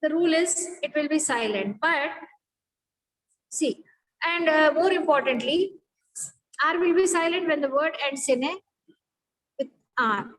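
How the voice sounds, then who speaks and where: A woman's voice: high voice, unhurried, long pauses, fairly bright tone, poor audio. A woman teacher giving a phonetics lecture, explaining rules step by step and checking that students follow.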